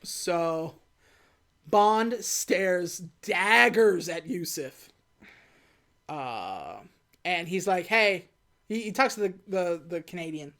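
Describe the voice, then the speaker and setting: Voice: medium pitch, lively intonation, slow, pauses often, a bit bright. Podcast host recapping a film plot. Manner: retells scenes by quoting characters in a loose, offhand way.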